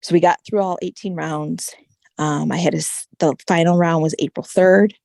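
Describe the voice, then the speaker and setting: Low, gravelly-voiced woman telling a story. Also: moderate pace, no echo, studio quality. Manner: animated, frequent "like" and "right?" fillers. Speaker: podcast guest. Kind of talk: conversational personal storytelling.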